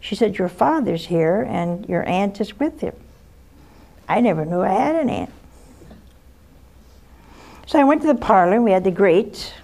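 An older woman, a nun who hosts a call-in show, speaks in a plain, mid-pitched voice. She gives blunt spiritual advice and slips easily into homespun stories. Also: expressive, a little slow, creaky, long pauses, a little mellow. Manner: direct, folksy storyteller. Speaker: nun and host answering callers. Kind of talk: spiritual advice and personal storytelling.

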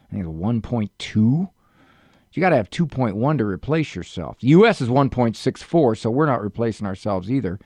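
Chatty male radio psychologist talking casually from the studio, telling stories about his own life and poking fun at himself. His voice sounds close and dry at a mid pitch. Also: vocal fry, dry recording. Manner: chatty, anecdotal, self-deprecating humor. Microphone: studio mic.

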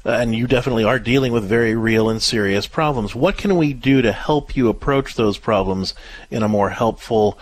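A man hosting a call-in radio advice show, gentle and reassuring, his voice often dropping softer at the ends of phrases. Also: mid-range voice, a little fast. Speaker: radio show host and counselor.

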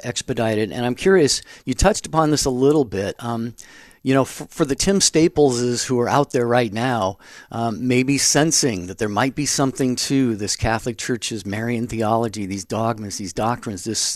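A man hosting a radio interview, asking long halting questions with fillers. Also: mid-range voice, dry recording, clean studio sound. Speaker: radio host. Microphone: studio microphone.

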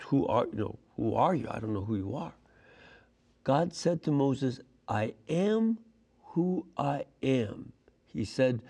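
Male Bible teacher, warm mellow tone, careful explanatory delivery. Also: mid-range voice. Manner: deliberate, explanatory, stresses key phrases. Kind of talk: scripture lesson.

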